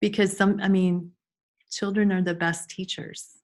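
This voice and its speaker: A woman's voice: mid-range voice, flat delivery, a little slow. A woman giving an informal online class to teachers over a video call, chatty with frequent restarts and fillers. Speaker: early childhood trainer.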